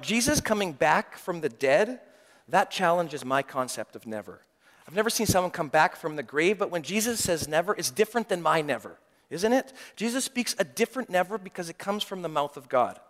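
A middle-aged male pastor preaches a sermon with a somewhat high voice. He moves from loud, lively stretches to hushed, near-quiet admissions. The long reverb of a church sanctuary trails after his words. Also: fairly quick. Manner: swings between loud animated mock-confidence and hushed, quiet confession.

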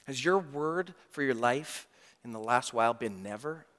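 A middle-aged man preaching a sermon, moving from loud, animated passages to hushed, quiet confession. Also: mid-range voice, normal speed. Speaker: pastor. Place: church sanctuary. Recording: long church reverb.

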